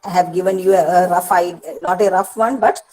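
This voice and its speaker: A woman with an Indian English accent giving a patient lecture to students, often pausing with "uh" and "see" and repeating key points. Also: lowish voice, fairly even intonation, a little mellow, rough recording. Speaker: English literature teacher. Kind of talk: online lecture on poetic meter.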